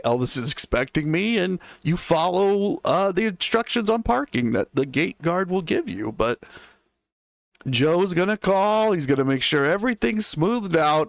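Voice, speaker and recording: A man's voice: high-pitched, vocal fry, no echo. A man hosting a casual history livestream. He chats to his viewers and muses aloud in asides. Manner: chatty, musing asides to viewers. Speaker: history show host.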